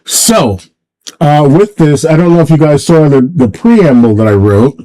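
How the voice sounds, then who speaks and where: Rambling mellow-voiced man livestreaming. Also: fairly high pitch, animated, poor audio. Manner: rambling, halting, many restarts; emotional, sentimental. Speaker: livestream host. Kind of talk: casual solo livestream chat.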